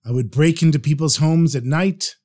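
A man's voice: fairly high pitch, normal speed, noisy background, voice pushed down, natural voice. A man voicing a middle-aged Jewish thief who pleads for help to change his ways, in a heartfelt, confessional manner. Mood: pleading.

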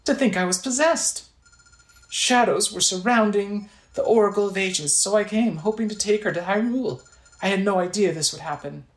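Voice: medium pitch, moderate pace, reverberant, voice pushed up, natural voice, low-quality recording. A game player voicing a weakened, wise older woman from a video game who speaks earnestly and asks for help. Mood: weary.

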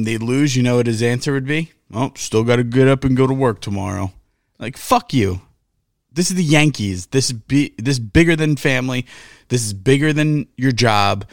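A man's voice: mid-range voice, no room sound, studio quality. A man co-hosting a sports podcast, ranting in a heated, profane casual chat. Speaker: podcast co-host.

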